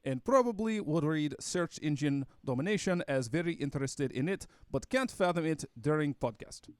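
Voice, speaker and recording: A man putting on a stereotypical Russian accent to voice an earnest young male Russian student, reading his letter haltingly. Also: fairly high pitch, animated, smooth, no echo, studio quality, close to an everyday voice. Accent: put-on Russian accent. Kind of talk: reading a listener email aloud in a put-on voice.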